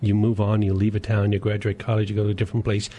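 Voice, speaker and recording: This is a middle-aged man hosting a radio talk show, with a slightly low voice. He speaks in a loose, conversational way and often stammers over repeated words. A faint hiss sits under his voice. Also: completely flat delivery, fast, dark tone. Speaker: radio host. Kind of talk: radio interview, casual conversation. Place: radio studio.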